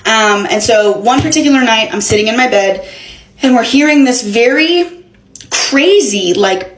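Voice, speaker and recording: A young woman with a slightly high voice recounts a chaotic personal story. She talks casually and dramatically, with plenty of swearing. The sound has a roomy echo. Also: measured pace, slight background noise. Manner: animated, profane, dramatic retelling. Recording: echoey room.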